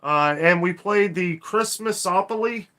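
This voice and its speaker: His voice is high-pitched and sharp, and he speaks unhurriedly while hosting a casual live stream. He rambles, chats, reads out viewer comments, and is apologetic and quick to laugh.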